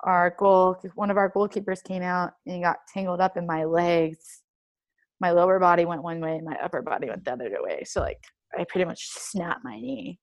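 A woman's voice: on the low side, moderate pace. Chatty young woman telling a story. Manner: animated, heavy use of "like", acts out quoted dialogue. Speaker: guest, professional soccer player. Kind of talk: casual interview storytelling.

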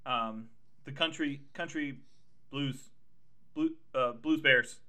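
A man's voice: mid-range voice, slow, pushed and bright. A man in casual chat, recapping a movie with jokes and playful put-on voices. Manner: jokey, acts out characters in silly voices. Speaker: podcast co-host.

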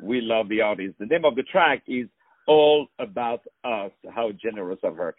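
A man's voice: on the low side, lively intonation, normal speed, no room sound, phone-quality sound. A man hosting a radio show who interviews a guest over the phone, effusive and heaping on praise with repeated words. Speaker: radio host.

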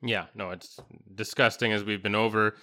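A man's voice: on the low side, steady tone, moderate pace, pushed and bright. A man co-hosting sports talk, casually telling a story about a friend's running joke. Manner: easygoing storyteller, reads out jokes. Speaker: sports radio co-host.

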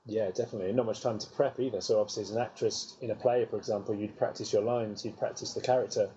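A woman interviewer with a strikingly low, mellow voice asks brisk, encouraging questions. The recording is dull and lo-fi, with a faint hiss underneath. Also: fairly even intonation. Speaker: interview host.

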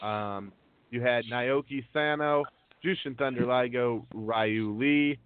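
Taking it slowly in a mid-range voice, a man hosts a wrestling news podcast with casual chat, reading long lists of names at a relaxed pace and with many ums. The tinny phone-line recording has a little hiss or hum.

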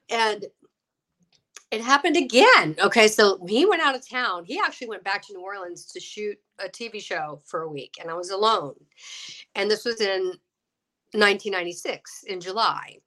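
A middle-aged woman, an actress getting over a cold, telling her story in a lively, animated way, acting out quoted voices and laughing often. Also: medium pitch, moderate pace. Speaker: guest, actress and UFO experiencer.

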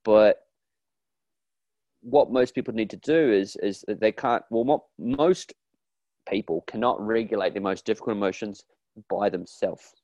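A man talking in a casual interview about his therapy work, earnest and animated, acting out quoted voices with frequent restarts. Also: fairly low pitch, a little slow, pauses often, no echo. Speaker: therapist guest.

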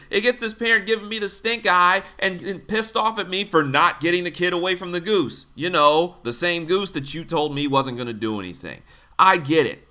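A man's voice: high-pitched, normal speed, pushed and bright, clean tone. A man delivering a blunt, exasperated, profane ranting commentary.

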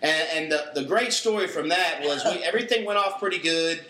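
A man's voice: a little high, fairly quick, sharp tone, roomy sound, poor audio. A young man hosting a podcast, telling a rambling story with restarts in casual chat. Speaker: podcast host.

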